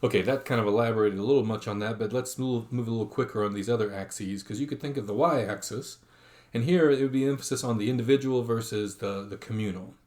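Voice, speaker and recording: A man's voice: medium pitch, fast, darkish tone. A man giving an online lecture, reading quotations aloud with frequent fillers and restarts.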